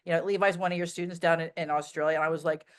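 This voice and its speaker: Blunt, animated woman telling stories. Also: fairly low pitch, racing, clean tone. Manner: blunt, animated storyteller with many "like" fillers. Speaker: interview guest. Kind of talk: casual interview chat.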